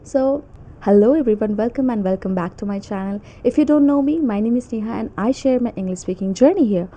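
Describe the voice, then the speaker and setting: A woman's voice: fairly high pitch, animated, a little fast, warm tone. A young woman hosting her own English learning channel, chatting casually and a little nervously, often adding "okay?" and "like". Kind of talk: casual self-made pronunciation lesson.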